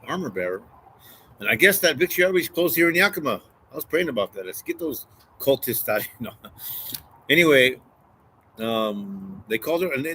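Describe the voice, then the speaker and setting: A man's voice: mid-range voice, a bit bright, a little hiss or hum, poor audio. A man casually talking through a Bible passage and reading it aloud, rambling and repeating phrases. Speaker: street preacher.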